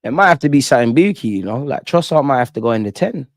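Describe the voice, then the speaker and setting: Excitable young man ranting. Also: medium pitch, fast, no echo, clean studio sound. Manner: excitable, slangy, swears, reads chat aloud. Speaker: football fan channel host. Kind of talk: live post-match reaction stream.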